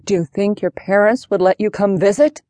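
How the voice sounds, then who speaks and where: A woman voicing a friendly older boy cousin who shares news slowly and excitedly. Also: medium pitch, no echo, natural voice.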